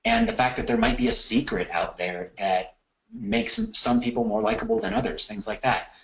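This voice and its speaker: A man's voice: medium pitch, huge pitch swings, moderate pace, vocal fry, fairly bright tone, low-quality recording. A man giving a recorded course lecture, talking conversationally with fillers and self-corrections. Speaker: course instructor.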